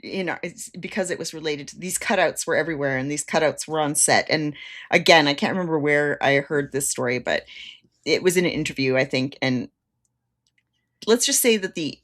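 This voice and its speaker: A woman's voice: sits low, a little fast, a bit bright. A woman co-hosting a casual TV recap podcast, chatting with laughter and dramatic quote readings. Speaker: podcast co-host.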